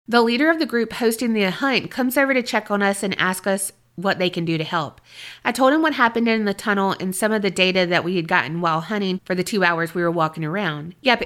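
A woman podcast co-host reading a listener's paranormal story aloud and chatting, expressive and jokey. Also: medium pitch, fairly quick.

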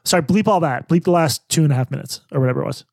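A man's voice: on the high side, racing, vocal fry, darkish tone, no room sound, studio quality. A man co-hosting a podcast in casual chat, rambling and sarcastic, often cutting himself off mid-sentence. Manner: rambling, self-interrupting and sarcastic. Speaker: podcast co-host.

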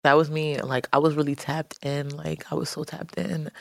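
A woman's voice: low-pitched, flat delivery, normal speed, creaky, no room sound, studio quality. A woman rapper, being interviewed, who talks loosely and slangily with lots of "like", restarts and casual swearing. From the Bronx, New York. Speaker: rapper, guest.

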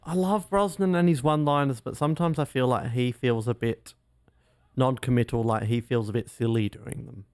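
A man's voice: mid-range voice, fairly even intonation, moderate pace, darkish tone, no echo, clean studio sound. A young man co-hosting a casual film commentary podcast, groaning and making sarcastic complaints as he watches. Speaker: podcast co-host.

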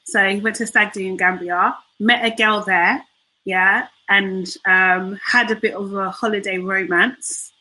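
Slow, bright-voiced woman telling a story. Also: mid-range voice, fairly even intonation, rough recording. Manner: rambling, checks in with listeners, "yeah?". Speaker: podcast co-host. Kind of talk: casual storytelling.

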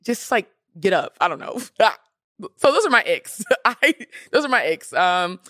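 A young woman hosting a podcast in casual chat, animated and emphatic with sassy asides. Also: medium pitch, a little slow, no room sound, clean studio sound. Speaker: podcast host.

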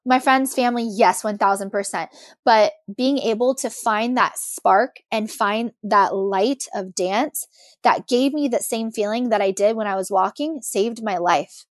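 A woman's voice: on the high side, measured pace, no room sound, clean studio sound. Emotional young woman telling her story. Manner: emotional, animated retelling. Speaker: guest. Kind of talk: personal storytelling interview.

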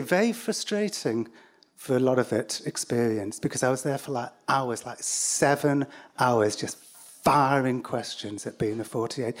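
A man's voice: fairly high pitch, a little mellow. A man with an English accent telling a personal story live, in a wry, rambling way full of asides and fillers.

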